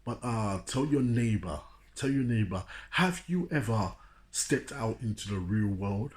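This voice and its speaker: A man's voice: on the low side, lively intonation, measured pace. A man from London with a London accent, giving a preachy motivational talk and repeating "you know what I'm saying". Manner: addresses listeners like a preacher. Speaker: street speaker.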